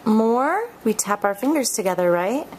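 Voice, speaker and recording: A woman filming her baby at home, talking to her in soft, coaxing, sing-song baby talk. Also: fairly low pitch, lively intonation, a little slow, noisy background. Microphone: handheld camera mic.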